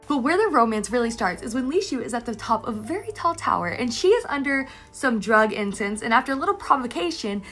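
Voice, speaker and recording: A woman recapping a story in a casual, animated, gushing way. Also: sits high. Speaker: anime recap creator.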